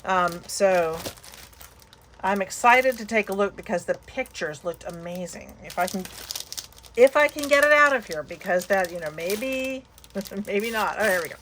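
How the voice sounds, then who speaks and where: A woman's voice: moderate pace, slight background noise. Gushing woman showing off craft paper. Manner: gushing and excitable, breaks into high squeals. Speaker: papercraft channel host. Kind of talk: casual unboxing haul chat.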